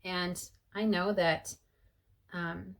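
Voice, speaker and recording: A woman's voice: fairly low pitch, steady tone, drawn-out words, creaky. A woman in her forties, talking in a heartfelt personal vlog, chatty and earnest, with many fillers. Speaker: vlogger sharing her conversion story.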